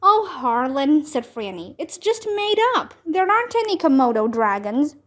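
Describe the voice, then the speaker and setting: A woman's voice: high voice, very animated, moderate pace, a bit bright. A woman voicing a skeptical, sensible young girl in a children's book read-aloud, speaking in a doubting, matter-of-fact way. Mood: scolding.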